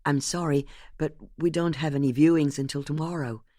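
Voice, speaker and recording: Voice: medium pitch, fairly even intonation, fairly quick, a little mellow, dry recording, clean studio sound, close to an everyday voice. A narrator doing a chatty Irish receptionist in her fifties. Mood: friendly. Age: 50s. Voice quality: friendly, chatty, conspiratorial.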